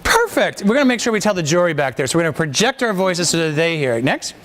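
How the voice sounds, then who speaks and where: A man presenting a public speaking workshop, enthusiastic and quick to praise the group. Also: on the high side, very animated, fairly bright tone, a little hiss or hum. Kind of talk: lively workshop facilitation. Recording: echoey room with crowd murmur.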